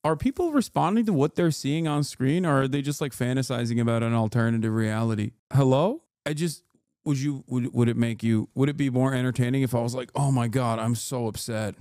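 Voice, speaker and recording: A man in his thirties reacts to clips on a live stream in a casual, sarcastic way. He mocks what he hears and laughs often. His voice sounds dry and close, at an average pitch. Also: a little fast, darkish tone, no echo.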